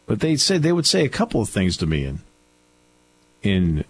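A man's voice: lowish voice, wildly swooping pitch, moderate pace, slightly rough. A middle-aged man hosting a radio talk show, telling stories in a chatty way with restarts. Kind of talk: casual radio chat. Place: radio studio.

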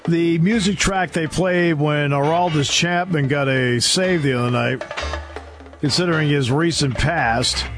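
A man hosting a talk radio show in a studio, delivering an opinionated, sarcastic and scolding monologue. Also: a little high.

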